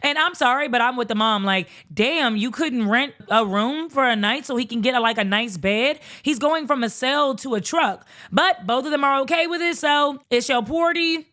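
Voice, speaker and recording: A woman's voice: high-pitched, moderate pace, few pauses, a bit bright. A woman giving a blunt, sassy, profane comedic recap of a reality show, acting out the people's lines. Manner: acts out characters' quotes.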